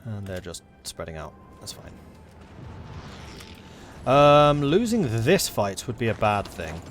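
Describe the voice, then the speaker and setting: A man's voice: on the low side, big pitch swings, slow pace, soft background music. South London man playing a strategy game. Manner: playful, theatrical game narration. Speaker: gaming channel host. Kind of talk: strategy game let's play with dramatic narration.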